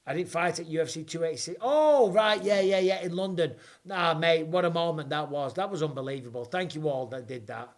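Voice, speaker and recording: A man hosting a live fight watch party from home, chatting with viewers and reacting excitedly, with casual swearing. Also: a little high, a little fast, hardly any pauses. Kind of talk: live watch-along commentary and chat.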